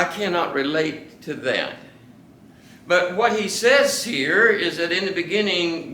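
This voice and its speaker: A man's voice: high-pitched, pushed and bright, echoey room, distant mic, a little hiss or hum, rough recording. Chatty man teaching a Bible class. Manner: conversational, repeats and restarts, asks the class questions. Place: room with a small class.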